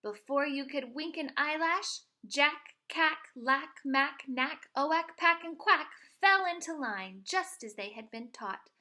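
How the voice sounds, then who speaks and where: A woman teacher reading a picture book aloud to children, expressive and pointing out the pictures. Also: high voice, takes it slowly, few pauses.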